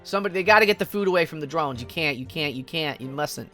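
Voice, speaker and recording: A woman's voice: low voice, animated, fast, a bit bright, faint music behind. A woman streaming a game, giggly and playful, chatting with viewers. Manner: giggly, playful, reads chat.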